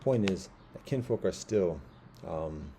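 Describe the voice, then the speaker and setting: Man, 50s, low and deeply mellow voice; rambling monologue that stalls on repeated words and restarts. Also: expressive, slow pace, slight background noise.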